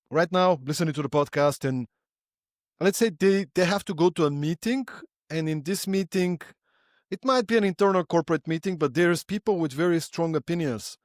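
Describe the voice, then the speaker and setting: A man's voice: sits high, animated, moderate pace, pauses often, dry recording, studio quality. A man hosting a podcast interview, friendly, building long questions with restarts. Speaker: podcast host.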